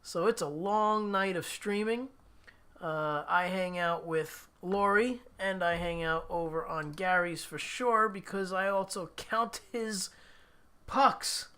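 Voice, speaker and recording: A man's voice: high-pitched, slow, bright, forceful tone, clean tone. A man hosting a live stream in a casual chat, reading viewer comments aloud and laughing often. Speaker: livestream host.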